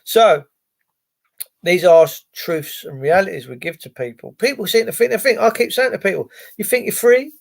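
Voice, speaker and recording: A man with a slightly raised pitch and a gravelly edge ranting on a livestream. His delivery is blunt and sarcastic, with plenty of swearing. He addresses his viewers directly. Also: animated, normal speed. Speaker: livestream host.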